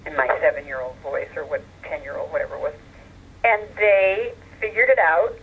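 A woman's voice: lowish voice, lively intonation, moderate pace, a little hiss or hum. An older woman telling stories from her childhood as a guest in a phone interview, chatty, with many fillers. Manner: chatty storyteller, warm laughs, many fillers. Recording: tinny phone line.

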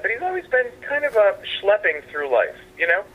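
A man who is a playwright and actor, speaking as a guest in a phoned-in interview from a house, halting and meandering, with restarts. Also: sits high, huge pitch swings, a crowd in the background. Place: at his father's house. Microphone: telephone. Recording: tinny phone line.

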